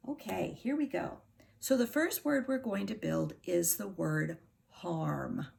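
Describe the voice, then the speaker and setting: A middle-aged woman teaching a phonics lesson to young children, sounding out words slowly and patiently. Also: medium pitch, gravelly, darkish tone. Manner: slow, patient, over-articulated sounding out.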